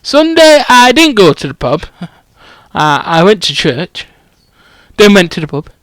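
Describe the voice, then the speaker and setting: A man's voice: sits high, very animated, unhurried, a bit bright, no echo, full character voice. Brief: foul-mouthed pub-loving giant, played by a man, blunt and rambling, bouncy delivery. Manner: swears constantly, rambling and blunt.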